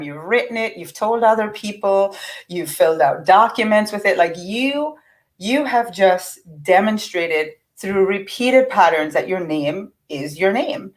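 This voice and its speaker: A woman's voice: mid-range voice, low-quality recording. A middle-aged woman giving a casual, earnest teaching talk on affirmations. She is encouraging and often restarts her sentences.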